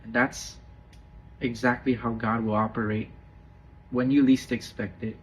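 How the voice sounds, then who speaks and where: A man co-hosting a faith podcast, talking in a reflective, halting way and repeating words as he searches for them. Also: medium pitch, flat delivery. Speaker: podcast co-host. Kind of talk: casual faith podcast chat. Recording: dull, slightly noisy recording.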